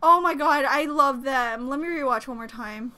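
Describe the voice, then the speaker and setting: A young woman reacting to a music video as an excited fan, gushing and exclaiming, thinking out loud with lots of "like"s. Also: high-pitched, normal speed. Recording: faint music behind the voice.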